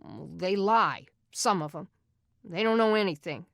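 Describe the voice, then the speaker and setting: A woman's voice: fairly low pitch, lively intonation, a little slow, creaky, no room sound, studio quality. A woman voicing a proud, defensive teenage boy who looks after his younger siblings.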